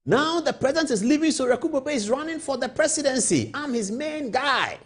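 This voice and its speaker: A male host speaks in a fairly high voice that swoops widely up and down. He tells a made-up story and keeps throwing questions back at his audience. The delivery is expressive and rhetorical, in the style of live late-night TV commentary. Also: fairly quick. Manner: animated rhetorical storytelling, poses questions to viewers.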